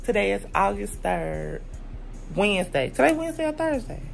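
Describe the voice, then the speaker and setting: With vocal fry and big swings in her medium pitch, a young mother who vlogs talks to her viewers at a moderate pace. It's casual, chatty, playful vlog talk packed with slang, filmed indoors at home over soft background music.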